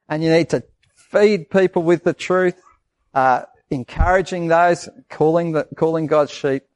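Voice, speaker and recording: Male pastor, lively children's sermon, slightly higher voice. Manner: lively, asks the children questions and acts out voices.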